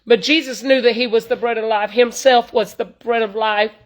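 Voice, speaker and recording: A woman's voice: fairly high pitch, steady tone, normal speed, low-quality recording. A woman, preaching informally to online viewers in an earnest, folksy way, full of "you know". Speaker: traveling evangelist.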